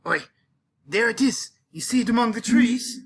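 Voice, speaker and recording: A man's voice: extremely high pitch, expressive, moderate pace, husky. A male teacher with a cold, hamming it up as a safari guide in a playful mock nature documentary and tossing out Aussie slang. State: has a cold.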